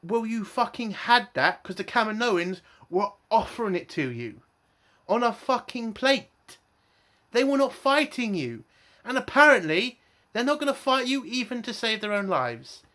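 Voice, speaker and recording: A man's voice: extremely high pitch, sing-song, measured pace, pushed and bright. A man giving an exasperated, swearing review rant full of emphatic rhetorical questions.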